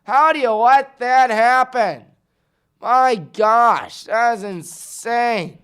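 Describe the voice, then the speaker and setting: Excitable high-voiced sports host. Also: male voice, extremely slow, smooth. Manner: excitable, with rhetorical questions and exclamations. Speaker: sports talk show host. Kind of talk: casual sports recap and picks.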